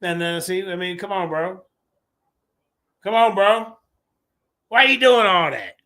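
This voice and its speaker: Brash trash-talking man, high edgy voice, on a video call. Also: slow pace. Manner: loud, crude, taunting. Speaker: debater and stream commentator. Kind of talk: mocking live commentary.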